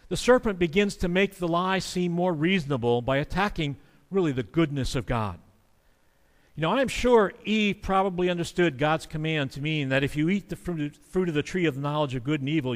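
A man's voice: a little high, in a large hall. A man preaching a sermon in an earnest, conversational way, now and then acting out the quotes he discusses. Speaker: pastor.

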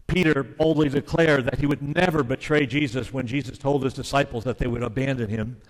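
A male pastor preaching a sermon, earnest and emphatic, dropping suddenly to soft, quiet phrases. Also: medium pitch, steady tone, fairly quick, in a large hall, rough recording.

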